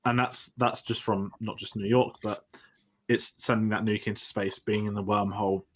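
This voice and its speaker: A man's voice: on the low side, flat delivery, moderate pace. A man hosting a casual film discussion podcast, rambling and correcting himself as he goes. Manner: rambling, self-correcting, enthusiastic. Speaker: podcast host.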